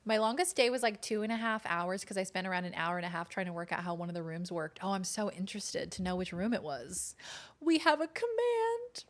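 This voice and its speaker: A woman's voice: on the low side, fairly even intonation, quick pace, hardly any pauses. A woman streaming a game in casual, chatty commentary, now and then cooing baby talk at her kitten.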